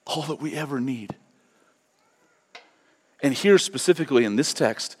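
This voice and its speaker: A man preaching a sermon as pastor, moving from quiet teaching to loud, fervent delivery. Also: mid-range voice, moderate pace, pauses often. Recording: long hall reverb.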